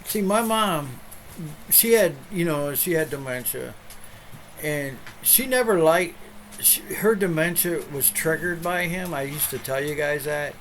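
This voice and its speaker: A man's voice: a little high, animated, unhurried, a bit bright, slight background noise, rough recording. Chatty middle-aged man, rambling. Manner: rambling, chatty storytelling with many restarts. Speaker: pastor hosting an online show. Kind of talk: casual chat on a livestream.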